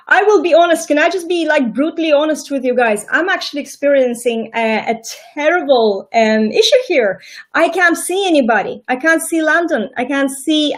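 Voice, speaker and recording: A woman from Estonia hosting a casual live-stream chat over a video call, chatty and quick to laugh. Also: sits high. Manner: chatty, warm-hearted, laughs easily, restarts often. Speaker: host.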